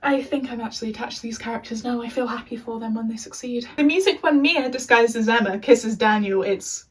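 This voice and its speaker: A woman's voice: a little high, brisk, husky, distant mic, low-quality recording. A young English woman recapping a TV show in a casual, chatty rant with sarcastic asides. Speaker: video essayist.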